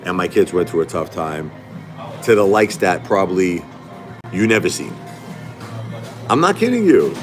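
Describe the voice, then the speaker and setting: A man's voice: sits low, very animated, normal speed, pauses often, over music. A middle-aged man hosting a casual livestream, talking back to his chat in an emphatic, repetitive way. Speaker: livestream host.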